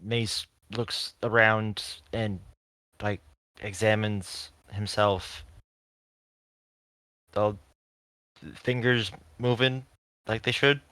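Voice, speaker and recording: A man playing a character in a tabletop game, speaking slowly and hesitantly. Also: on the low side, steady tone, bright, forceful tone, clear, resonant tone, no room sound. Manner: slow and hesitant. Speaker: player. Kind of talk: casual chat.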